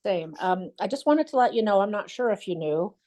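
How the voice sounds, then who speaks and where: A woman calling in to a teacher, tearful, soft and hesitant with many ums. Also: mid-range voice, lively intonation, fairly quick. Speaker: caller.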